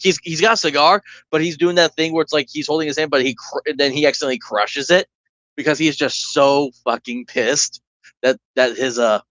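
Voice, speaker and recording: A man's voice: mid-range voice, a bit bright, no room sound, dull audio. Chatty man narrating a solo game. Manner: rambling, chatty, with restarts and asides. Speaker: solo tabletop game player and streamer.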